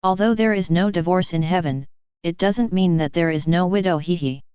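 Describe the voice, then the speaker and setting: A woman voicing a seductive, cruel female succubus demon who speaks softly and coquettishly in an audiobook. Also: on the low side, normal speed, smooth, no echo, muffled recording, natural voice. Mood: teasing. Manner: soft, coquettish and teasing.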